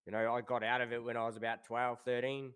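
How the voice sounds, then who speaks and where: Kiwi guy in his 30s, easygoing chat, smooth clear voice. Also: medium pitch, fast talker. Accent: New Zealand. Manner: relaxed, laid-back, says "obviously" and "um" often. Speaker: guest racing driver. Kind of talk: casual interview chat.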